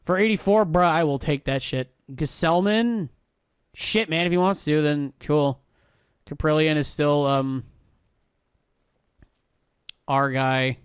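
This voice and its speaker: A man's voice: fairly high pitch, takes it slowly, long pauses, smooth, no echo, studio quality. A man playing a baseball video game on a live stream, muttering, thinking aloud and swearing freely as he checks player moves. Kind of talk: casual live-stream commentary.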